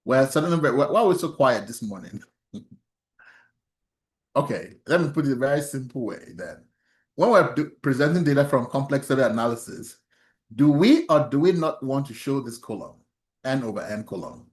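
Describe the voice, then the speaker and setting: A male instructor lecturing an online statistics workshop. He asks his students questions, laughs softly, and often restarts his sentences. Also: medium pitch, lively intonation, moderate pace, roomy sound.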